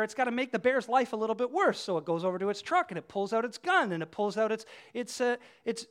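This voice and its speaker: A man giving a sermon in a conversational preaching style, telling vivid everyday illustrations and swinging between hushed and loud delivery. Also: extremely high pitch. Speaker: pastor.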